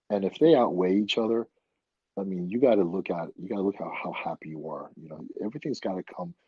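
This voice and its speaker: Husky blunt-talking man. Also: low voice, dry recording, highs cut off. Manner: blunt, animated storyteller. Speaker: podcast guest. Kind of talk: casual chat.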